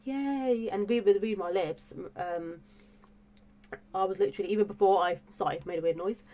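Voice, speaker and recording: A woman's voice: fairly low pitch, fairly even intonation, fairly quick, mellow. A woman vlogging in a gushing, breathless way, full of fillers and repeated exclamations about her reaction channel. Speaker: music reaction YouTuber. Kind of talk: excited casual vlog talk.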